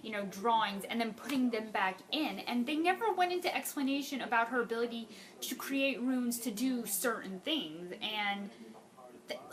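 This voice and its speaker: A young woman giving a casual video review as a book fan, animated and exasperated, with sudden rising outbursts. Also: a little high.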